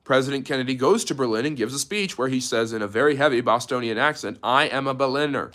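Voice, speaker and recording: A man's voice: mid-range voice, quick pace, fairly bright tone. A man giving a loose, unscripted history lecture on a livestream, full of fillers and restarts, stopping now and then to answer viewer chat. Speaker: history teacher.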